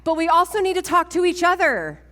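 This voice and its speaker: A woman, giving a testimony talk at a women's church event, animated and self-mocking, laughing often. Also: very high-pitched, fairly quick. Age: 40s. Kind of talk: sermon-style testimony talk. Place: large church hall. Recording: long church hall reverb.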